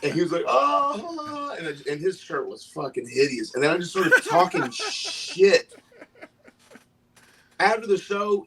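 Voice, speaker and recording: A man's voice: fairly high pitch, a bit bright, breathy edge, recorded from a distance, rough recording. A man, a stand-up comedian, telling rambling, profane stories in casual chat.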